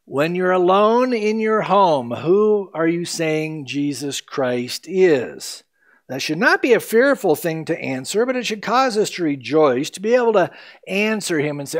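A man's voice: fairly high pitch, lively intonation, a little slow. A middle-aged male pastor giving a conversational, earnest sermon, teaching verse by verse. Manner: earnest, conversational teaching with emphatic quoted lines.

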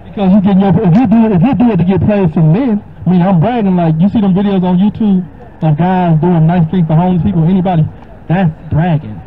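A man gives informal Bible teaching in answer to a question, speaking casually and conversationally. When he reads the verses aloud, he goes slower and higher, and the lo-fi recording sounds dull with faint noise.

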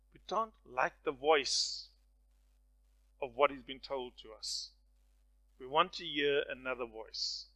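A man preaching a sermon, swinging from hushed lines to loud, stirring ones and acting out the voices in his stories. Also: a little high, highs cut off. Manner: dramatic swings from soft to loud; storytelling with acted voices.

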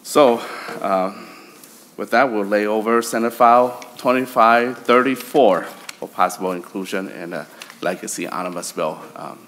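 Man, committee chair, very deep voice, halting speech, faint hiss behind. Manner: halting, repeats words while speaking. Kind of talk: legislative hearing remarks.

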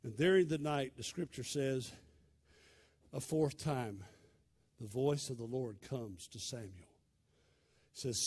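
A male pastor, preaching a sermon in a dramatic storytelling way that swings from loud to hushed. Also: mid-range voice, unhurried, pauses often, breathy edge.

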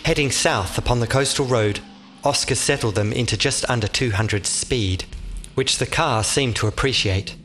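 A man giving scripted audiobook narration in a measured, vivid storytelling manner. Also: medium pitch, fairly bright tone, soft background music.

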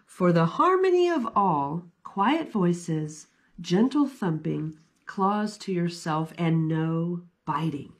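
Cozy, a woman voicing a gentle muskox. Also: a little high, sing-song, slow, voice pushed up. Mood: gentle firm. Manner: soft, patient, rule-setting. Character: gentle, polite big male muskox host.

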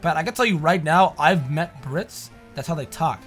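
A man bantering over a video game, excitable, goofy and teasing his co-host. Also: on the high side, moderate pace, over music. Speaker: gaming co-host. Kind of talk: casual gameplay banter.

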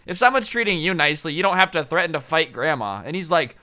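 A young man tells a story in a casual vlog, rambling through slangy asides. His voice is bright and clear with crisp edges and sits slightly high. He keeps it loose and conversational. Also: animated, fast, few pauses. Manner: chatty and slangy, heavy on fillers and asides. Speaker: storytime vlogger.

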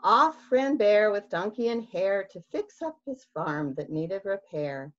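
A woman librarian reads a picture book aloud to young children in a sing-song, expressive way, gasping and asking them questions. She takes her time, and her pitch rises and falls widely. The audio sounds dull and lo-fi, like a video call. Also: a little slow.

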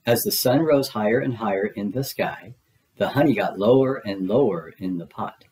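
A man narrating a children's storybook aloud, with an expressive storytelling manner. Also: lowish voice, normal speed, poor audio. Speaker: storybook reader.

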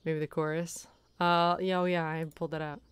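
A woman's voice: low voice, flat delivery, fairly quick, smooth, no echo. A woman streaming from her room, chatting casually, laughing often and thanking viewers, her voice tired at the end of the day. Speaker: streamer and voice actor. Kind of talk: casual livestream chat.

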